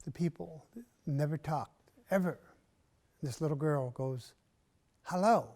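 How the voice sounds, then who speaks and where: A man performing a traditional story in an arts center, measured and unhurried, with long pauses and often dropping to a soft voice. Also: fairly high pitch.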